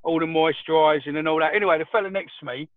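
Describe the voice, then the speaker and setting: A man's voice: a little high, very fast, no room sound. A man co-hosting a podcast, telling rowdy anecdotes and swearing freely. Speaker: podcast co-host. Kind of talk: casual chat. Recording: tinny phone line.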